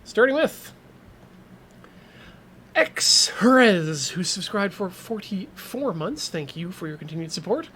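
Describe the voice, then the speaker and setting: A man's voice: sits high, lively intonation, slow pace, long pauses, bright, forceful tone. A man streaming a sim racing game, chatting casually, coaching himself and joking with viewers. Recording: game car engine noise underneath. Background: racing game engine and track sounds.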